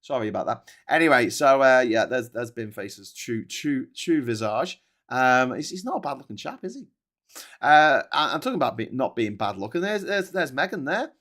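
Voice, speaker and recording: A man's voice: mid-range voice, very animated, normal speed, a bit bright. A man hosting a live news commentary stream, rambling and jokey, often correcting himself. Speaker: show host. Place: seated in his own show chair.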